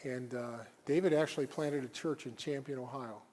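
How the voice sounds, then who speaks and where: A man preaching a sermon as guest preacher, swinging between loud emphasis and quiet asides. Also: mid-range voice, fairly even intonation, normal speed.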